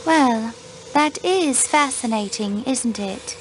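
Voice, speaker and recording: A woman's voice: a little high, lively intonation, slow, slight background noise. An actress playing a reserved countess under suspicion in a mystery video game, clipped and guarded in her answers. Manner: reserved, clipped, emotional when pushed. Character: guarded aristocratic woman hiding grief.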